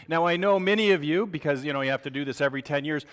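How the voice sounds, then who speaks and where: A man lecturing clinicians in a large hall, his slightly higher voice carrying a long reverb. He is animated and jokes with the room, breaking into little acted bits between points. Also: rapid-fire, few pauses. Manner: animated, joking, acts out crying parents. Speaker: medical lecturer.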